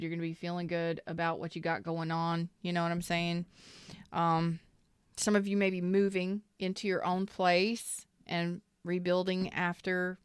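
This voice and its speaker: Woman, casual tarot reading, smooth clear voice, dry close sound. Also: lowish voice, no room sound. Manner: chatty, salty, talks to viewers as y'all. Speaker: tarot reader, channel host.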